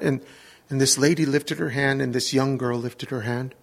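A middle-aged man preaching, telling an animated personal story in a sermon and acting out the voices of the people in it. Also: mid-range voice, fairly quick. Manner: animated anecdotes with quoted voices and laughter.

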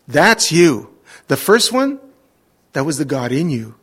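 Animated husky-voiced preacher man. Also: on the high side, slow, long pauses. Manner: animated, acts out scenes with sudden shouts. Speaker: pastor. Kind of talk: sermon storytelling.

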